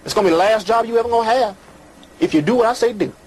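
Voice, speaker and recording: High-voiced man hosting a call-in show. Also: very fast, slightly rough, poor audio. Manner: preachy, rambling, hollering rants; crooning, flirty with callers. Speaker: call-in show host giving readings.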